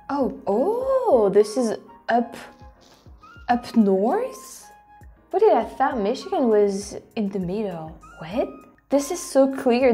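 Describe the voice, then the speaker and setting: Host: French woman, mellow tone, excitable reactions over faint music. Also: mid-range voice. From France. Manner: animated, exclaiming and laughing often. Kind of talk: casual reaction commentary.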